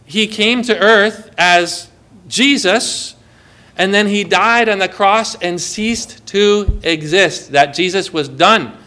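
A man preaching a sermon, lively and emphatic, asking the congregation questions. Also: high-pitched, slow.

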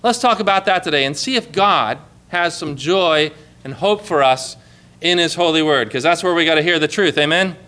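A man's voice: fairly high pitch, normal speed, sharp tone. A man preaching to his congregation in a conversational sermon, asking rhetorical questions and reading scripture aloud. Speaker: pastor.

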